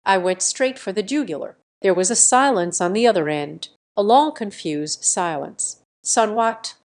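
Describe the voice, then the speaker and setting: A woman's voice: medium pitch, lively intonation, normal speed, darkish tone. A woman narrating a first-person revenge story with an intense, clipped dramatic delivery.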